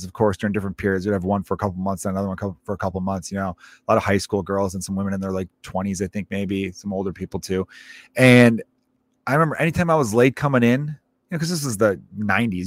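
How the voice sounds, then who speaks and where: Male podcast host, 30s, low register, casual and profane storyteller, dry close sound. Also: no room sound. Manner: rambling, profane, self-interrupting.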